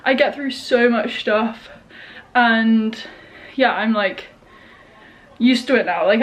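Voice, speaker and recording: A woman's voice: fairly high pitch, a little hiss or hum. A young woman, chatting casually to camera in a vlog, full of likes and you knows. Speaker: vlogger.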